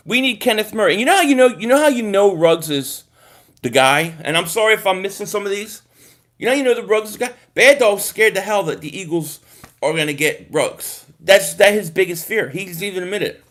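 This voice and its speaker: A man with a high, bright voice runs a casual sports livestream. He talks straight to his viewers, animated and freely swearing as he reads the chat. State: groggy from a nap. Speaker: livestream host reading chat.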